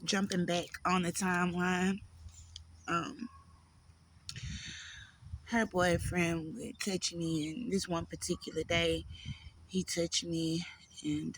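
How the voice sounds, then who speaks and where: A woman telling her life story to camera, in a halting, emotional way with pauses. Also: fairly low pitch, fairly even intonation, slight background noise.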